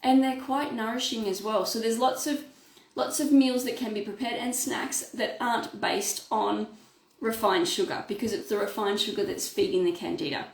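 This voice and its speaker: A woman's voice: on the high side, normal speed, gravelly. A woman, explaining health advice as a naturopath in an unscripted talk with frequent fillers. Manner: explanatory, many fillers and restarts. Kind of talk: educational health talk to camera. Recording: roomy echo.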